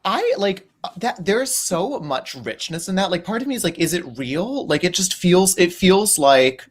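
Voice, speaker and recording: A man's voice: high voice, moderate pace. A man hosting a casual online chat, talking animatedly with frequent laughs over a video call. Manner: giggly, animated, lots of "like". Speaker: host. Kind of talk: casual live-streamed chat.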